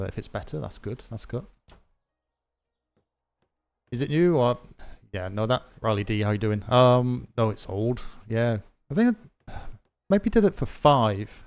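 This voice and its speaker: Male streamer, low register, loose rambling chat to viewers on a desk mic. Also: expressive, measured pace, creaky, darkish tone. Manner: rambling, chatty, many fillers. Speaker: livestreamer. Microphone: mic through a desk audio mixer.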